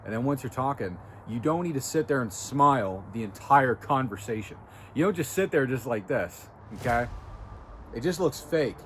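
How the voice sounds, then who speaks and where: A man's voice: medium pitch, animated, normal speed, a bit bright, a little hiss or hum. A man hosting a self-improvement video, coaching the viewer in a blunt, direct way and often checking in with "okay?" and "right?". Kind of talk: casual coaching talk to camera. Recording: music playing clearly behind him.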